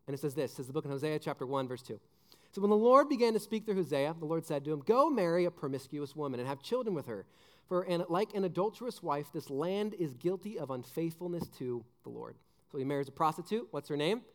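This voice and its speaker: A young man preaching to junior high students, his voice sitting high for a man. He tells stories with animated, joking energy, stumbling into restarts and filling his talk with "like" and "right?". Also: brisk, big-room sound. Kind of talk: youth sermon with storytelling.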